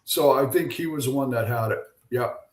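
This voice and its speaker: An older man, a former pitcher, telling animated stories as a guest on a video call. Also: moderate pace, roomy sound, a little hiss or hum. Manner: animated anecdotes, acts out quoted voices. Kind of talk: casual storytelling.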